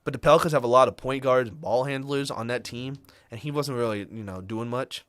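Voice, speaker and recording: A man co-hosting a podcast, walking through the trades in a casual chat with fillers and quick asides. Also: medium pitch, fairly bright tone, no echo. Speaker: podcast co-host.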